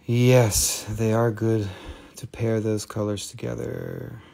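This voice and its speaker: A man hosts a casual live sale of rocks and minerals, rambling, joking and teasing viewers by name. His voice is on the low side, unhurried and creaky, and it drifts into quiet murmurs as he handles the specimens.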